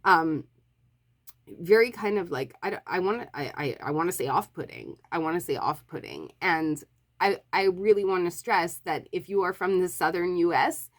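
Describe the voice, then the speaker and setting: A woman's voice: lowish voice, normal speed. A woman from Montreal, a book vlogger, chatting casually to camera and apologizing often, with lots of fillers and restarts. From Montreal, Canada.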